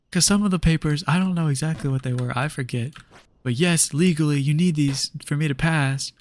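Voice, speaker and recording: A man's voice: a little high, fairly quick. A young man streaming a game, telling a long story in a rambling, exasperated way full of fillers. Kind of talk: casual storytelling while gaming.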